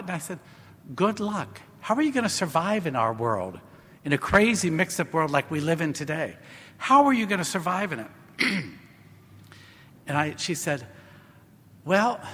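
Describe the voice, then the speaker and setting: A man giving a Sunday sermon as parish priest, telling a story and acting out both sides of a conversation. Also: a bit bright. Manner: storytelling, acts out a dialogue with rising pitch. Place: church. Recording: long church reverb.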